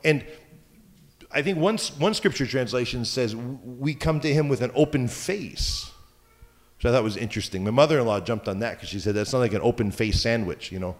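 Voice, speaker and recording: A man's voice: mid-range voice, animated, a little fast. A man preaching a sermon as pastor, talking in a conversational way with joking asides. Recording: long hall reverb.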